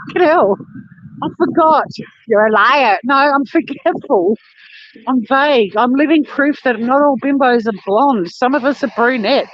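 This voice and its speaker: An Australian woman chatting casually on a live stream while walking on a beach, blunt and quick to swear and laugh. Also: fairly high pitch, dull audio. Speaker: vlogger. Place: outdoors on a beach.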